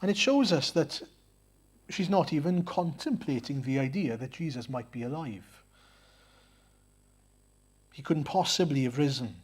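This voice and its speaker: A man preaches in a church, his voice sitting a little higher than most men's. He speaks earnestly, poses rhetorical questions, and often stumbles over fillers and repeated words as he works through his points. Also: lively intonation, measured pace, pauses often, husky. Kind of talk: sermon.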